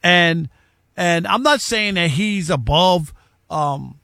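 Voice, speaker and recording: A middle-aged man with a fairly high voice co-hosts a casual sports talk show. He talks with emphatic repetition, and the recording is dry and close with no room sound. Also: expressive, slow pace, vocal fry, sharp tone, dry recording. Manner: emphatic, repeats himself. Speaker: co-host, former beat writer.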